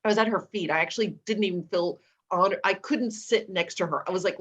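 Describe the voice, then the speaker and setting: A woman guest on a video call, telling animated, persuasive stories as an entrepreneur. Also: mid-range voice, fast. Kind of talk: interview storytelling.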